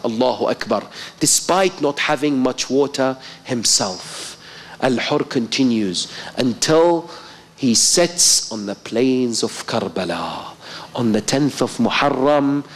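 A man's voice: medium pitch, breathy edge. A male preacher giving a sermon, telling a story with impassioned, rising emphasis. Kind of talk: mourning-night sermon.

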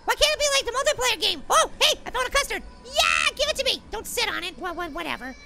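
A performer voicing a tiny, excitable cartoon apple who hosts a gaming video, yelling and giving silly names to the monsters. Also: extremely high pitch, quick pace, gravelly, full character voice. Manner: excitable, shrieks and yells, silly name-calling. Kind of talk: cartoon character game commentary.

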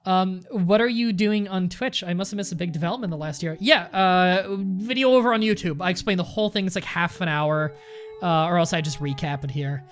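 A woman's voice: on the low side, a little fast. A woman streaming a game and chatting casually, rambling, swearing and laughing often. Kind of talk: casual gaming stream chat.

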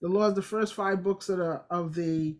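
A woman's voice: lowish voice, steady tone, normal speed, a little mellow. A woman teaching scripture in an informal, emphatic, conversational way, with playful asides. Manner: conversational, emphatic, acts out quotes. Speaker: Bible study teacher.

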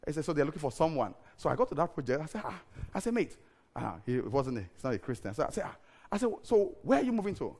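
A middle-aged man, preaching a sermon full of stories, animated and laughing, sometimes breaking into shouted prayer. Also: fairly high pitch, fast. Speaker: pastor. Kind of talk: storytelling sermon.

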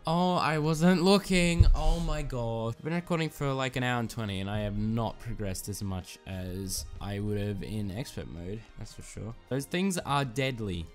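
A young man giving excitable gameplay commentary, reacting with frequent exclamations and mild cursing as a gaming YouTuber. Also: lowish voice, normal speed, hardly any pauses, faint music behind.

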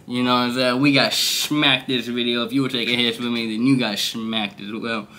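A young man vlogging at home, high and rambling in loose slang, laughing often. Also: level tone, moderate pace, sharp tone, a little hiss or hum. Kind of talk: casual stoned review vlog. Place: his room.

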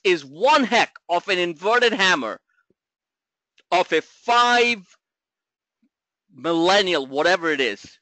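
A middle-aged man hosting a live trading webinar, joking and talking loosely, with loud asides and low mutters. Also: expressive, takes it slowly, pauses often, dry recording. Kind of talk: live market webinar talk.

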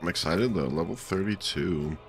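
A man's voice: sits low, moderate pace, over music. A tired young man with a groggy morning voice, rambling laid-back commentary while streaming a video game. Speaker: let's play streamer. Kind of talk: casual gameplay commentary.

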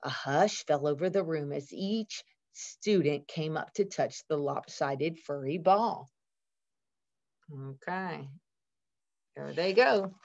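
A woman teacher reading a picture book aloud to her students, expressive and adding chatty asides to the class. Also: low-pitched, slow pace. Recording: dull lo-fi recording.

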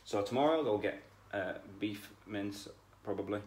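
A man's voice: on the low side, normal speed, darkish tone, slight background noise. A man chatting casually in a vlog about dog training, blunt and swearing when frustrated. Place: outdoors in a field with dogs.

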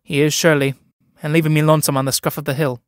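A man's voice: on the high side, steady tone, fairly quick, no room sound, studio quality, natural voice. A man reading a play aloud, voicing a spirited young country girl who mocks and scolds with impatience. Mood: teasing. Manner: sharp, mocking, impatient.

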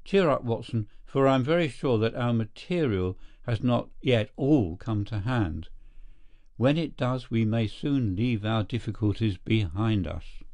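A man's voice: medium pitch, expressive, unhurried, darkish tone, no echo. Man voicing a precise, commanding detective. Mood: reassuring. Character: brisk, keen-minded male detective.

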